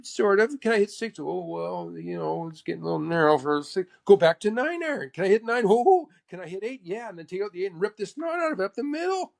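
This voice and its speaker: A man's voice: sits high, sing-song, fast, creaky, few pauses, pitched above the performer's own voice, full character voice. A man impersonating a quirky older male golf legend who talks in a sing-song way, starts lines with "ooh", repeats phrases and calls people "pal". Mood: urging.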